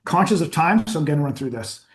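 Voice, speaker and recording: A man giving a lively, anecdotal talk as a forum founder, laughing at his own stories and clearing his throat often. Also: on the high side, fast. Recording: echoey room.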